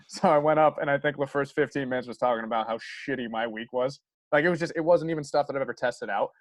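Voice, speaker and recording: A man's voice: mid-range voice, fast, no room sound. A man, a guest comedian, telling a story in a casual, rambling way full of "like". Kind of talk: casual chat.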